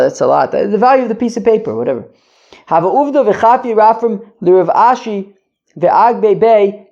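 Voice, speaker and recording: A man's voice: high voice, gravelly, a little mellow. Guy hosting a talmud podcast, reads a line then rambles thru the meaning, lots of "uh" and repeated words, kinda muffled lo-fi sound. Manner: reads Aramaic lines then explains in loose, rambling English; stumbles and repeats words while searching for phrasing. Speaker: Talmud teacher and podcast host. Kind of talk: casual daily Talmud lesson. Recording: dull lo-fi podcast audio.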